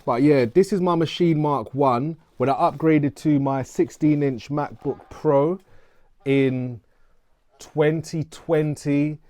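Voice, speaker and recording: A man's voice: a little high, steady tone, slow, a little mellow, no echo. A man in his thirties from London with a London accent, giving a casual, playful, self-mocking channel intro as a vlogger and music producer. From England. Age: 30s.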